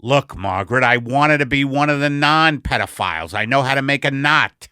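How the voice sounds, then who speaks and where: A man voicing Al, a bumbling, apologetic middle-aged husband, in a low mumbling voice in an improvised comedy sketch. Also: animated, moderate pace, pushed and bright, no echo, clean studio sound. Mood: sheepish. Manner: low, gravelly, mumbling and sheepish. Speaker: comedy podcast co-host.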